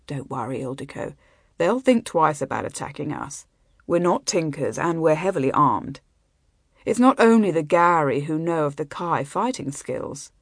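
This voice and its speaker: A woman voicing a calm, protective male warrior prince in an audiobook, speaking low and steady. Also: moderate pace, husky, dry recording, studio quality, heavily acted. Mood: reassuring.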